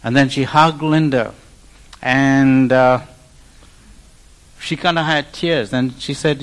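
A man's voice: medium pitch, slow, long pauses, poor audio. A man from India, giving a personal testimony in church and acting out the people he quotes. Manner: animated storyteller who acts out quoted speech.

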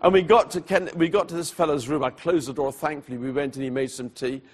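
A man preaching, telling a personal story in an animated way and voicing the people in it, then going hushed at solemn moments. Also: fairly high pitch, fast. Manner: animated storyteller who voices the people in his tale; drops to a hushed, quiet delivery at solemn moments. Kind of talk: storytelling sermon.

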